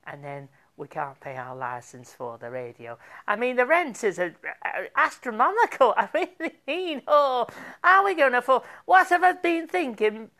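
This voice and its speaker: A woman's voice: on the high side, sing-song, moderate pace, bright, forceful tone. A woman hosting a comic community radio show, chatty and theatrical, gushing over each song and making asides to a helper. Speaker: radio DJ host.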